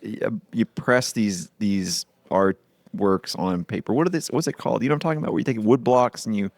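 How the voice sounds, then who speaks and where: A man guest in casual podcast chat, halting and searching for words. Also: lowish voice, no room sound.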